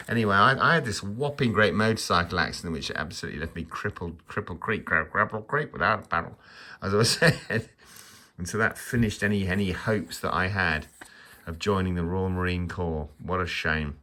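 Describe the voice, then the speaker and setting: A man's voice: sits low, pushed and bright. A man hosting his own channel, chatting casually about a book in a rambling, stammering, self-mocking way with frequent asides. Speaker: channel host.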